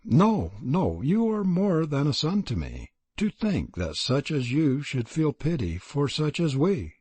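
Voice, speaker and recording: A man reading a storybook, voicing a grieving old serpent mother in a wailing lament with a husky voice. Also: fairly high pitch, sing-song, a little slow, a little mellow, no echo, voice pushed up, exaggerated voice. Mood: pleading.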